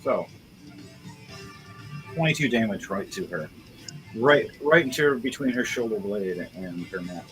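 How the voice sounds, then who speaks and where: A man's voice: lowish voice, animated, unhurried, long pauses, poor audio. A man narrating as game master of a tabletop game, describing combat in graphic, profane detail. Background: music playing.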